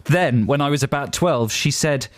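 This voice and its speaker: A man's voice: mid-range voice, normal speed, no room sound. A man co-hosting a comic radio show, bantering playfully and reading out listener emails. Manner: playful, laughs often, banters. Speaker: radio co-host.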